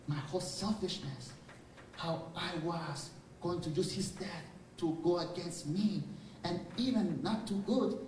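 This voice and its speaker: A man's voice: high voice, a little mellow, slight background noise. Man giving an earnest spiritual talk. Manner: earnest, reflective storytelling. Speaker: spiritual teacher. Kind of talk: inspirational lecture with personal stories. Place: university lecture hall. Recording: roomy hall, speaker far from mic, faint ambience.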